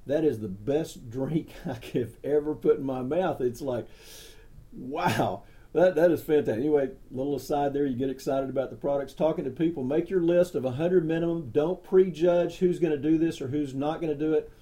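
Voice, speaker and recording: A man's voice: a little high, mellow. A middle-aged man giving a direct, enthusiastic sales pep talk as a network marketing leader, often repeating his key phrases.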